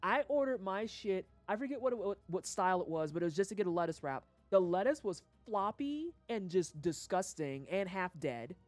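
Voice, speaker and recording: A woman's voice: medium pitch, normal speed, hardly any pauses, dry recording, soft background music. A woman from St. Louis streaming a game, ranting casually with lots of swearing. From St. Louis, USA. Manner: animated, profane, ranting. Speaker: livestreamer. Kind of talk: casual rant on a gaming stream.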